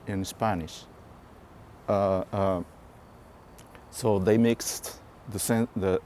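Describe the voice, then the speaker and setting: A man explaining a point slowly in an interview, pausing often to find his words. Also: on the low side, dark tone, a little hiss or hum. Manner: slow, halting, searching for words.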